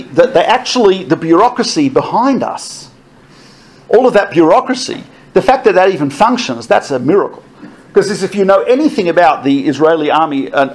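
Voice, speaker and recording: A middle-aged man telling army stories to an audience, animated and laughing often as he quotes others. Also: on the high side. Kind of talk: storytelling talk.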